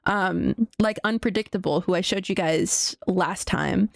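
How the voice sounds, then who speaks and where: A woman's voice: medium pitch, measured pace, gravelly, no room sound, studio quality. A young woman streaming live, chatting casually in a rambling, profane rant full of restarts. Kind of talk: casual livestream chat.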